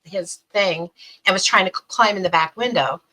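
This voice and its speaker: A middle-aged woman tells a long personal story on a podcast, voice bright and forward, pitched a little low. She talks animatedly and slips into the voices of the people she quotes. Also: normal speed, rough recording. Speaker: guest.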